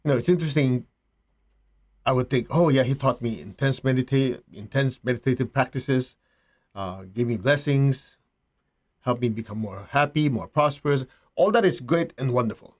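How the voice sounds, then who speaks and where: A middle-aged man, a spiritual teacher, giving a slow, reflective talk with rhetorical asides. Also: mid-range voice.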